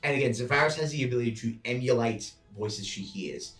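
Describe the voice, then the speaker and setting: A man's voice: mid-range voice, brisk, fairly bright tone, roomy sound, faint music behind. A man narrating as game master of a tabletop role-playing game, rambling with many fillers and restarts. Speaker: dungeon master.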